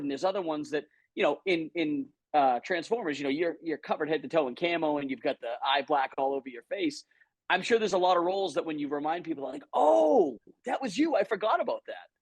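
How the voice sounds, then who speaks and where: A man hosting a casual interview podcast, asking long rambling questions full of fillers. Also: a little high. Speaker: podcast host.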